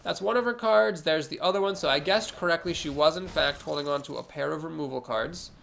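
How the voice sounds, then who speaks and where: A man's voice: fairly high pitch, brisk, creaky, a bit bright, a little hiss or hum. A man with a cold, sounding nasal, talking through his card game moves aloud as a streamer. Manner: analytical, talks through each move aloud. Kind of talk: casual gameplay commentary.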